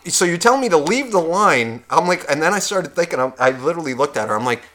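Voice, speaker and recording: Animated, bright-voiced man ranting. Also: fairly high pitch, quick pace. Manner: animated, profane, acts out both sides of conversations. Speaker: podcast co-host. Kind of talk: casual storytelling rant.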